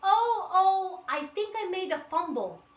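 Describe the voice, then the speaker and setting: A woman's voice: mid-range voice, animated, a little slow, sharp tone, recorded from a distance. Woman doing a sly, sneering weasel. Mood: flustered. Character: sly scheming male weasel. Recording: echoey room.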